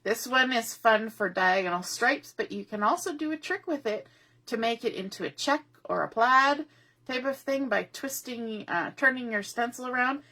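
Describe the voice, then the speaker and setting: A woman's voice: a little high, normal speed, bright, forceful tone. A middle-aged woman hosting a live online craft demo, chatty and rambling, a little out of breath, greeting viewers by name and laughing often. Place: home craft room at a table.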